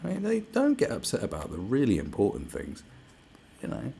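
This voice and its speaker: A man's voice: lowish voice, huge pitch swings, fairly quick, gravelly, dark tone, slight background noise. A man hosting a livestream, ranting sarcastically with lots of swearing. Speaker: livestream host. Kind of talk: livestream rant.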